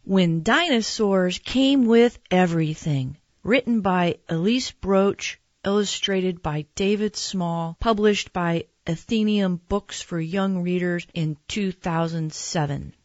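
A woman reading a children's picture book aloud in a gentle, expressive storytelling manner. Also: on the low side, slow pace, few pauses, dry recording, muffled recording. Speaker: narrator.

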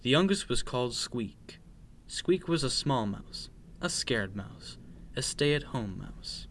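A man reading a children's picture book aloud in an expressive, playful, sing-song way. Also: medium pitch, takes it slowly, a little hiss or hum. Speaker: storyteller.

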